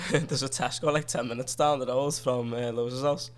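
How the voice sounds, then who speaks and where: A young man with a Liverpool accent, a band member guest telling a funny story with loud outbursts and frequent laughter. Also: medium pitch, fairly even intonation, normal speed. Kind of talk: casual chat.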